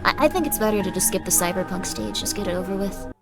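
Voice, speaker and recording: A woman streamer in casual chat with her viewers, rambling, excitable and laughing at herself. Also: mid-range voice, fast talker, music in the background.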